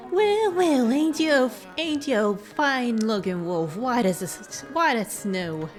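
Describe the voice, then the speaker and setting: A woman's voice: fairly high pitch, animated, a little slow, faint music behind, voice pushed up. A woman doing a drawling old Southern lady. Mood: admiring. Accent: American Southern. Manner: drawling, hospitable.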